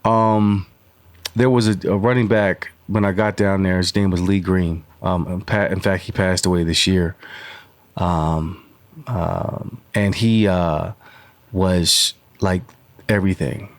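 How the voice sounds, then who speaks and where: Low-voiced man telling old stories. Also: fairly even intonation, slow, dry recording. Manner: rambling with many fillers and acted quotes. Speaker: guest. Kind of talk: casual storytelling interview.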